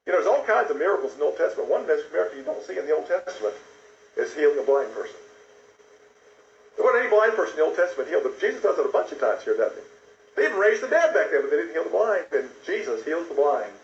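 A man preaching a sermon, swinging from loud raised phrases to hushed asides. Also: a little high, big pitch swings, quick pace. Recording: echoey, dull lo-fi sound.

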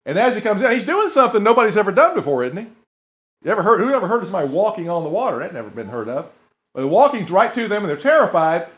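A man's voice: high voice, big pitch swings, very fast, fairly bright tone. Folksy preacher man, dull lo-fi recording. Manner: folksy, asks the congregation questions. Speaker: pastor. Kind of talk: conversational sermon.

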